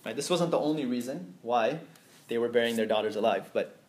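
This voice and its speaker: A man's voice: medium pitch, a little mellow. A man teaching an Islamic lecture to a class, explaining step by step, mixing in Arabic phrases and checking that students follow. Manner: explains slowly, asks class if they understand; mixes in Arabic terms and phrases.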